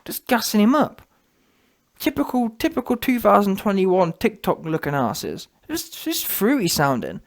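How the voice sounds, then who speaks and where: High-voiced male vlog host; scornful, animated boxing rant. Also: unhurried, creaky. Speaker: boxing commentator. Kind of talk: ranting commentary vlog.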